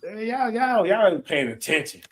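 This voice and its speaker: A man's voice: sits high, very animated, measured pace, a bit bright, poor audio. A man commentating on a debate stream in a hyped, boastful, slangy manner.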